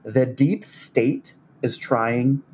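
A man's voice: medium pitch, lively intonation, extremely slow, a little mellow, a little hiss or hum. A man co-hosting a comedy podcast, joking around and laughing often. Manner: giggly, playful. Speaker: podcast co-host. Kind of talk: casual comedic chat.

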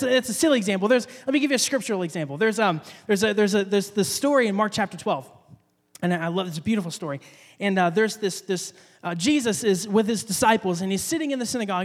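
Guy preaching a chatty sermon, really high voice, restarts a lot, big hall echo. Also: fast talker. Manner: conversational, repeats words, acts out quoted voices. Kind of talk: casual sermon.

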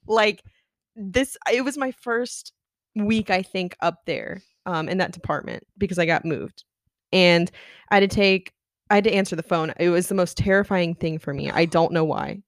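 This podcast co-host, a young woman with a lowish voice, speaks at a moderate pace on a dry, studio-quality recording. Her work anecdotes come out animated and full of laughter and profanity in a relaxed conversation.

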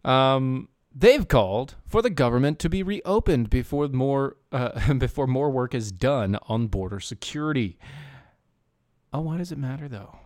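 A man's voice: medium pitch, expressive, a little slow, darkish tone, dry recording, clean studio sound. A man hosting a casual political commentary podcast, sarcastic and rambling with many restarts. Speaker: podcast host.

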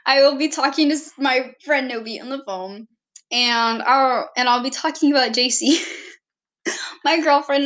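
A woman's voice: high voice, a little slow, a bit bright. A young woman casually introducing herself on her channel, rambling and giggling at herself. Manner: rambling, giggly, self-deprecating.

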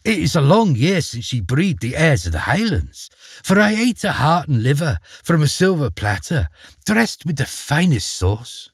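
Guy putting on a wicked queen voice, high and honeyed, sneaky sweet, storybook. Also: very animated, moderate pace, slightly rough, dry recording, studio quality, full character voice. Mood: polite, smug. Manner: falsely sweet, coaxing. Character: cunning murderous queen, smiling and sweet-voiced.

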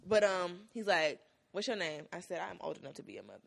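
A woman's voice: on the low side, fast, creaky. A young woman from South Miami telling stories in casual chat, acting out the voices of people she quotes. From South Miami, Florida. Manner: animated, acts out quoted voices.

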